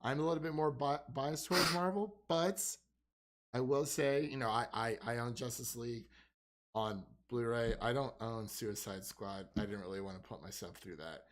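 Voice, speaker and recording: A man's voice: mid-range voice, moderate pace. A man co-hosting a casual movie review chat, rambling with constant "like" fillers and frequent laughs.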